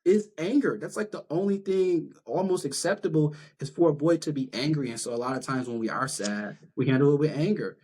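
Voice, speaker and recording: A man's voice: a little high, fairly quick, hardly any pauses, a little mellow, husky. A man speaking as a guest social worker in a casual interview, talking in an earnest, emphatic, conversational way.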